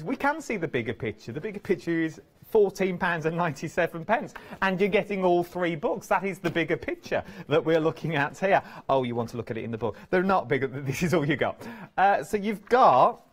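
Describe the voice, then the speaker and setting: Lively chatty man presenter. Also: on the high side, fairly quick. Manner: chatty, playful, lively banter. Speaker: shopping channel presenter. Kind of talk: live TV sales chat. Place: TV studio.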